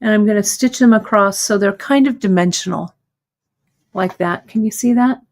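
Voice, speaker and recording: A woman's voice: medium pitch, normal speed. A woman hosting a live craft lesson, explaining each step patiently and checking in often with the viewers. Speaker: host demonstrating bead embroidery.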